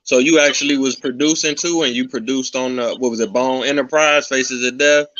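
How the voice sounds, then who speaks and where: A man's voice: medium pitch, steady tone, fairly quick, a bit bright, no echo, lo-fi sound. A man hosting a casual interview, asking questions and affirming with "you know what I'm saying". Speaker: interview host.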